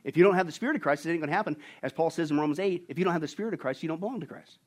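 A male pastor preaching a sermon, animated and full of jokes, who asks the congregation questions and answers them himself. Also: fairly high pitch, rapid-fire.

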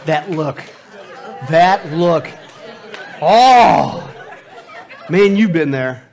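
Male pastor, humorous sermon, high voice, very lively pitch, acts out scenes. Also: drawn-out words, a faint crowd.

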